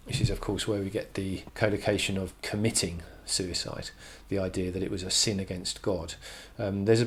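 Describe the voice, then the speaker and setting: Man explaining a poem, slightly low voice. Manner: thoughtful, many restarts, reads quotes with emphasis. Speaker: teacher. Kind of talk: poetry analysis lesson.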